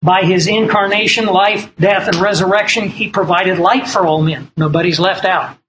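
A man's voice: sits high, moderate pace, a bit bright, slight background noise, rough recording. A man preaching a sermon from printed notes, earnest and emphatic, repeating key lines and telling stories.

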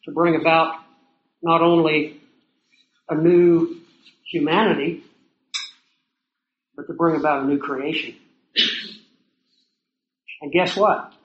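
A man's voice: on the high side, fairly even intonation, takes it slowly, long pauses, highs cut off. A man preaching a sermon in a conversational way, asking his listeners rhetorical questions. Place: outdoors or lodge near hills and prairie. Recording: roomy echo, faint noise.

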